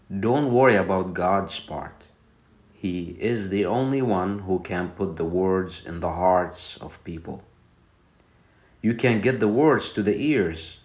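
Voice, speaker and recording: A man voicing a calm, kindly village wise man in a bedtime story, speaking gently and without hurry. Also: deep voice.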